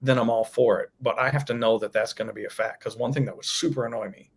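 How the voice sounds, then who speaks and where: Podcast guest, male, husky gravel in the voice, rambles eagerly. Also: medium pitch, steady tone, quick pace. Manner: enthusiastic, rambling explanations. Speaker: toy designer guest. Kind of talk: casual podcast chat.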